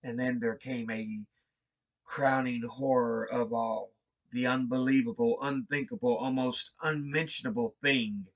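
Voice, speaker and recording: A man reading a horror story aloud in a slow, brooding, theatrical style. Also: mid-range voice, steady tone. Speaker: reader. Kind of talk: dramatic horror story narration.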